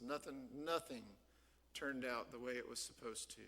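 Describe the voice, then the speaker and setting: Bright-voiced storytelling pastor. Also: male voice, mid-range voice, moderate pace. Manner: lively storytelling, acting out the characters. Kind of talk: sermon. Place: church.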